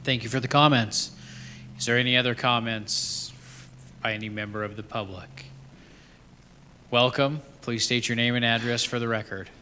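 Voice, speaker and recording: Bright-voiced man chairing a meeting. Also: mid-range voice, steady tone, normal speed, long pauses, in a large hall, slight background noise. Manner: brief, formal and routine.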